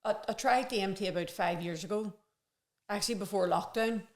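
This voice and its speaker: A woman's voice: mid-range voice, a little fast. A woman, a podcast guest in casual conversation, talking earnestly and reflectively in long, rambling runs.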